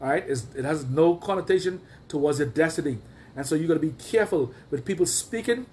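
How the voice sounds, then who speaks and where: A man with a rather high voice preaches a sermon. He drives his points home by repeating phrases and firing rhetorical questions at his listeners. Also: darkish tone, a little hiss or hum. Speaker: prophet preaching.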